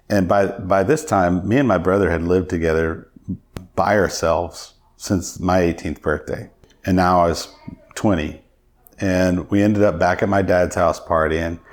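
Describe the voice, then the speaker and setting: A middle-aged man, a podcast guest, telling his personal testimony in an earnest, reflective way. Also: sits low.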